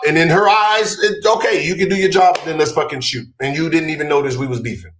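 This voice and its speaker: A man hosting a podcast, talking heatedly and profanely in a casual conversation, rising to shouts. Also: on the high side, lively intonation, fast talker, few pauses, roomy sound, slight background noise. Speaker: podcast host.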